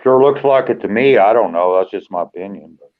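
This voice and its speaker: A relaxed, folksy man calls into a casual chat, his voice a bit low. He comes through on a thin, phone-like call line. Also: brisk. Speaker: guest caller.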